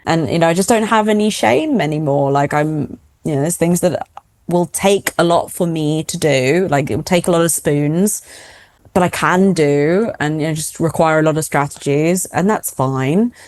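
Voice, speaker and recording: An English woman, middle-aged, chatting as an interview guest in an animated, laughing, self-deprecating way. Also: low voice, normal speed. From England. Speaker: guest, founder of an adult dyslexia organization. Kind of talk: casual interview chat.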